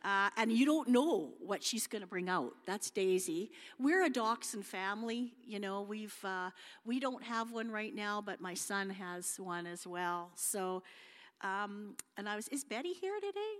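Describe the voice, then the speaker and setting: A woman's voice: medium pitch, a little slow. Middle-aged woman, informal sermon, chatty, homely, lots of ums, long hall reverb. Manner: chatty, homely, many fillers and restarts. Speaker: guest speaker at church. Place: church hall.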